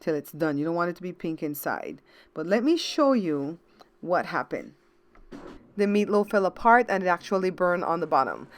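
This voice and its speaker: A woman's voice: on the low side, big pitch swings, normal speed. A woman hosting a home cooking show in casual chat, chatty and repetitive, talking to viewers as guys. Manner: chatty, repeats words, addresses viewers as guys.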